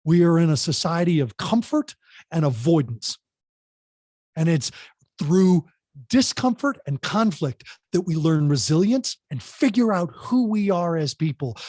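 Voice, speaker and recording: Male podcast guest, parent coach, emphatic and plain-spoken, voice a bit high, dry recording. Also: darkish tone, no echo. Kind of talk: podcast interview advice.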